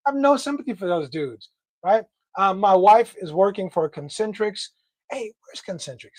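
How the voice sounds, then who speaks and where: A man hosting a casual livestream discussion, talking in a blunt, slangy, animated way. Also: high voice, moderate pace, dry recording. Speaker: livestream host.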